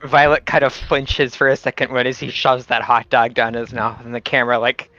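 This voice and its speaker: A player in a live tabletop game, chatty and quick to giggle while describing the scene. Their mic sounds dull and dry, with no room around the voice. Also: medium pitch, level tone, sharp tone, dry recording, faint music behind. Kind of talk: casual table talk.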